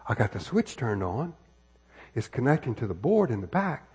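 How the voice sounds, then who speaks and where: A man's voice: medium pitch, big pitch swings, normal speed, a little mellow, breathy edge. An American man preaching a sermon in a church, talking conversationally through a body-worn microphone with many rhetorical questions and repeated phrases. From United States. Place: church sanctuary. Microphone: wireless microphone worn on body.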